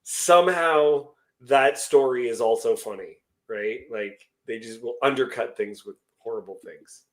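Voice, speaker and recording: A man's voice: medium pitch, measured pace. A man chatting as a podcast guest, telling joking stories with animation. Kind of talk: casual chat.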